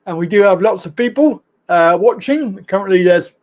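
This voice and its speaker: A man's voice: high-pitched, animated, moderate pace, a little mellow. A man hosting a casual live stream show, chatty and rambling, greeting viewers and laughing at his own slips. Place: home studio, in Thailand.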